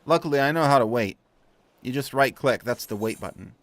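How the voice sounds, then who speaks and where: A man's voice: mid-range voice, animated, fairly quick, fairly bright tone, dry recording. Wry man commenting on gameplay. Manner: self-mocking, wry asides. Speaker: let's play host. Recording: faint game music behind.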